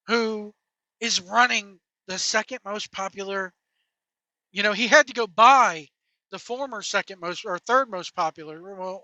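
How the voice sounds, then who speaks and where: A woman's voice: fairly high pitch, sharp tone, dry recording. A woman giving ranting commentary in a sarcastic, indignant, rambling way. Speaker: wrestling commentary vlogger. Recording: dull, dry lo-fi sound.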